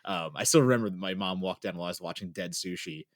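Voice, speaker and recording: Deep-voiced man, animated podcast co-host. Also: fast talker, no room sound, clean studio sound. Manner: animated, casual swearing. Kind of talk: casual podcast chat.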